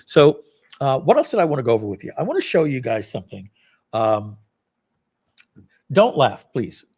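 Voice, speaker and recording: A man hosting a live product launch stream, walking viewers through a software demo in a casual, rambling, self-deprecating way with lots of fillers. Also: medium pitch, big pitch swings, brisk, husky.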